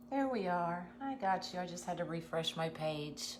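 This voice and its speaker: A woman's voice: deep voice, a little slow, hardly any pauses, slight background noise. Chatty woman hosting a craft livestream. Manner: chatty, greets viewers often, many ums and restarts. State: nervous. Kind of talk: casual livestream chat with viewers.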